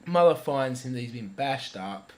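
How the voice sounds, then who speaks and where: A man's voice: mid-range voice, animated, normal speed, darkish tone. A man talking through a film he watched in a loose, casual review. He swears freely and often stops to backtrack or correct himself as he goes. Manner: rambling, profane, self-interrupting. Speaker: movie reviewer. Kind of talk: casual rambling movie review.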